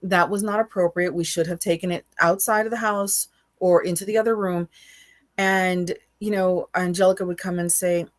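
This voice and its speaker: A woman's voice: lowish voice, fairly even intonation, moderate pace. A woman in her forties talking openly and emotionally in a casual podcast chat, often restarting and repeating words. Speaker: co-host.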